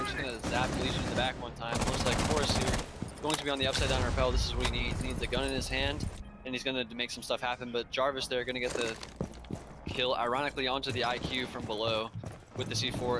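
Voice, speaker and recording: A man casting an esports match, with quick, eager play-by-play calls. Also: medium pitch, fairly even intonation, very noisy. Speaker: esports commentator. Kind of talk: play-by-play game commentary.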